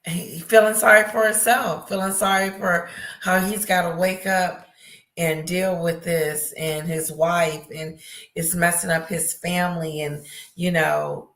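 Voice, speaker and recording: A woman's voice: fairly low pitch, fairly even intonation, measured pace, a bit bright. A woman hosting a casual livestream, reading viewer comments aloud, greeting chatters by name and reacting to them. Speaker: livestream host reading chat. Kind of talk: casual live chat commentary. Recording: echoey room.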